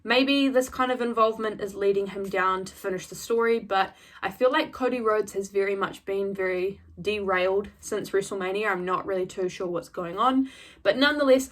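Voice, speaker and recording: A woman's voice: mid-range voice, fairly bright tone. A woman hosting a wrestling review, casually recapping an episode and retelling what was said, with enthusiasm. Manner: enthusiastic, retelling events with quoted lines.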